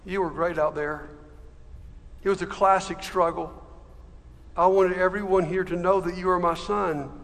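Man doing god the father, soft and reassuring, high voice, lots of hall echo. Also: fairly even intonation, moderate pace, pauses often. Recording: long hall reverb.

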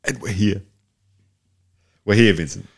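A man's voice: lowish voice, unhurried, creaky, slightly rough. A man co-hosting a podcast, reading a synopsis and rambling casually about a movie. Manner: loose, rambling, peppered with "like". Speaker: podcast co-host. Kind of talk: casual movie review chat.

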